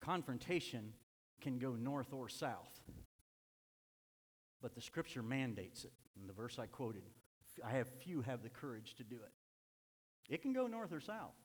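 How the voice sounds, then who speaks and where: A man preaching a sermon, swinging between impassioned shouts and hushed, quiet stretches. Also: medium pitch, very animated, unhurried, long pauses. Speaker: pastor. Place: church sanctuary. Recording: echoey hall reverb.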